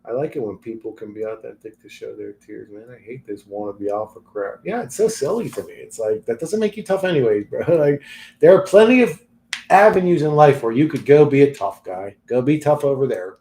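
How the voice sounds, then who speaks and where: A man's voice: medium pitch, lively intonation, a little fast, gravelly, warm tone, a little hiss or hum. Guy ranting on his vlog, blunt and sweary, laughs a lot, mid voice, echoey room. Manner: blunt, profane, laughs often. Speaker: channel host. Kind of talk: casual vlog rant.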